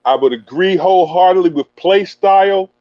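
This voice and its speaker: A man's voice: high voice, normal speed, a little mellow, no echo, lo-fi sound. A man hosting a casual sports talk show, hyped and slangy, laughing easily. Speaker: host.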